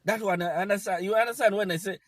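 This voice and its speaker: Man, higher voice, lively mocking political rant, dry close mic. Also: fast, no room sound. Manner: mocking, scolding and defiant, laughing at targets. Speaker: political commentator.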